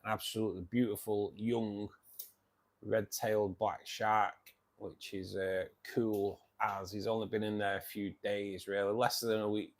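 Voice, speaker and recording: A man's voice: fairly low pitch, little pitch movement, a little slow. A tired man hosting a fishkeeping live stream, chatting casually, reading viewer comments and calling everyone mate. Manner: chatty, says "mate" often, rambling restarts.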